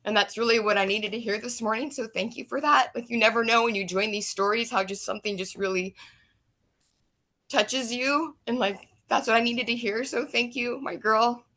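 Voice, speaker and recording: A woman on a group video call giving an emotional, earnest, halting thank-you. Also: a little high, fairly even intonation, pushed and bright. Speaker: guest on a support call.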